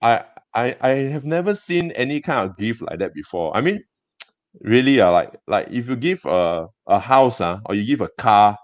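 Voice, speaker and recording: A man with a Singaporean English accent, a gem business owner telling stories in a casual interview, chatty and halting with many restarts. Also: medium pitch, expressive, no echo. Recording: dull dry lo-fi sound.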